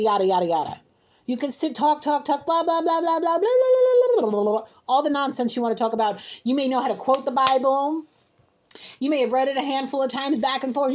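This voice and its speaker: A woman with a high voice delivers an intuitive card reading. She scolds emphatically, piling up repeated words as she rants at her unseen listener. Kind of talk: heated spiritual card reading.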